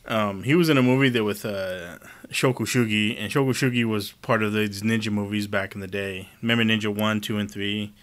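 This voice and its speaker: A man in his forties chatting casually, telling stories in an animated way, laughing often and swearing freely. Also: on the low side, fairly quick. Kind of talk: casual chat.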